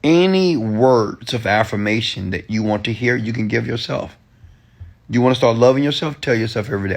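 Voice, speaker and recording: A man's voice: mid-range voice, lively intonation, fairly quick, vocal fry. A man giving a motivational rant in loose, slangy talk, pressing his audience with repeated commands. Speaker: entrepreneur and motivational speaker.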